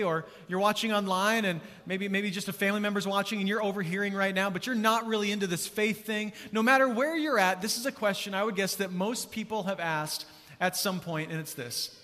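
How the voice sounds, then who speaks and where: A man preaching a sermon as pastor, casual and energetic, drawing responses from the congregation. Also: high voice. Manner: energetic, conversational, calls for crowd response. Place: large church auditorium. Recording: long church hall reverb.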